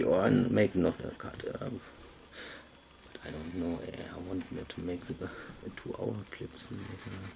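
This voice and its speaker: A video maker with a low, creaky voice chats casually in broken English through a craft tutorial, rambling and laughing at himself. Background noise is present.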